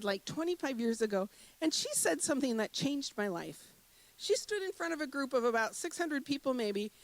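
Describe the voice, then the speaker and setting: High-voiced woman preaching a sermon. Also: low-quality recording. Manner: emphatic and repetitive, with rhetorical questions to the congregation; slows into a soft, guided breathing meditation. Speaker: minister.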